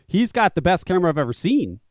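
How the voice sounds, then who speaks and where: A man's voice: sits high, very animated, fast talker, darkish tone, dry recording, clean studio sound. Profane rambling talk radio host man. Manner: profane, rambling, laughs often. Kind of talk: casual talk radio chat.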